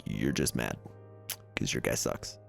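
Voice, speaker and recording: A man's voice: a bass voice, slow pace, vocal fry, soft background music, pitched below the performer's own voice, full character voice. A man voicing a weary, smug ancient sea spirit who answers in dry, curt retorts.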